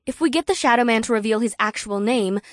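A woman voicing a sharp, practical bespectacled female researcher who explains things quickly. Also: a little high, no echo, clean studio sound, lightly acted. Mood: excited.

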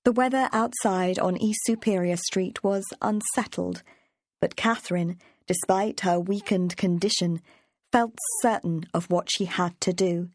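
A woman reading an audiobook chapter in a measured, even storytelling voice. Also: fairly low pitch, dry recording. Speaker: audiobook narrator. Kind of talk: scripted narration.

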